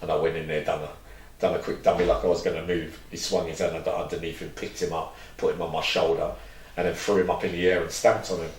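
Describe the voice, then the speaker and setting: Speaking fast in a low, level voice, a man tells long, meandering stories as an interview guest, acting out others' words in a candid storytelling chat. The mic is set back from him and the room sounds echoey.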